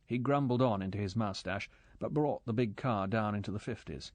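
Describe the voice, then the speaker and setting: A man narrating a spy thriller audiobook in a measured, steady storytelling voice. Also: lowish voice, no room sound. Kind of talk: scripted narration.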